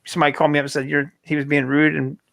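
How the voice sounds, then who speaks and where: Fast, emphatic higher-voiced man. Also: flat delivery, gravelly, a bit bright, no echo. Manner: emphatic, fast, opinionated, swears. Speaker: podcast co-host. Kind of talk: casual chat.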